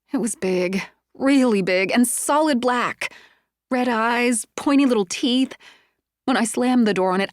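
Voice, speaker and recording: A high, rattled young woman's voice, loud and breathless, as a woman narrator puts her on in a dry, close audiobook reading. She sounds shaken yet quick to anger. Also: dry recording. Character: young woman homeowner, shaken then furious.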